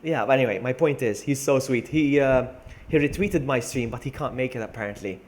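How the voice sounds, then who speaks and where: A man's voice: mid-range voice, a little fast, a little mellow. A young man, chatting casually and rambling while streaming a game. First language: Maltese. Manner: chatty, rambling, laughs often. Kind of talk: casual live-stream chat.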